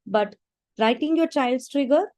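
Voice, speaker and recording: A woman's voice: high-pitched, measured pace, dark tone, dry recording. A woman in an online meeting, giving parents earnest, practical advice on their children's tantrums, speaking to them directly. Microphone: video call.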